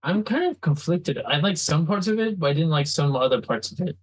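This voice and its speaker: A man's voice: fairly high pitch, expressive, fairly quick, breathy edge, no room sound, low-quality recording. A man chatting casually as a podcast co-host, teasing and contrary. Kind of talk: casual chat.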